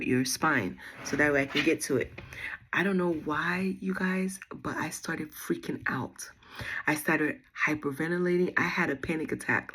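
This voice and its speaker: A woman's voice: sits low, a bit bright, husky. A young woman, chatting to her viewers as she retells a story with lots of quoted dialogue. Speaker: vlogger.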